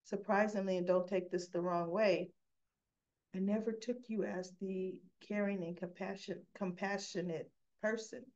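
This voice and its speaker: A stern woman sponsor who lays down the law bluntly, as a woman voices her while recapping. She speaks slowly and firmly. The audio is slightly muffled. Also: mid-range voice, fairly even intonation, a little mellow, close to an everyday voice. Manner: firm, blunt.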